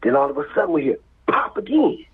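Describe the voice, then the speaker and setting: A man with a Los Angeles accent tells a story with a very raspy, breathy voice. His pitch swings widely as he acts out voices and sound effects and drops into whispers, and the sound is thin and tinny like a phone line. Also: big pitch swings, quick pace. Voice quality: very husky. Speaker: guest storyteller. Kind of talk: animated street storytelling.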